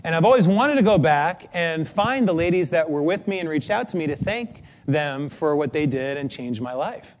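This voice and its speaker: A man preacher voicing a classy eighty-year-old woman who speaks in a soft, near-whispering voice. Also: low-pitched, expressive, moderate pace, few pauses. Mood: soft, gentle. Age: 80s. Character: classy elderly woman of eighty, gentle and grateful.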